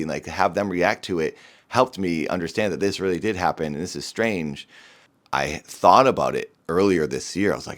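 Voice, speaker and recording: A man's voice: low voice, moderate pace. A man vlogger talking to camera in an earnest, somber way, rambling with many restarts. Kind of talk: personal talk to camera.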